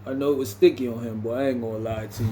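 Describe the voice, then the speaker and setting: A man's voice: mid-range voice, steady tone, racing, dark tone, slight background noise. A man casually telling a prison story, in a loose, slangy way that ends almost every phrase with "bro". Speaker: storyteller recounting prison stories.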